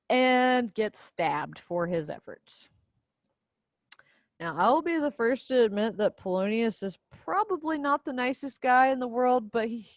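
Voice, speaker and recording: A woman's voice: fairly high pitch, dry recording. A young woman casually and playfully summarizing a play for a class video. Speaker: student presenter.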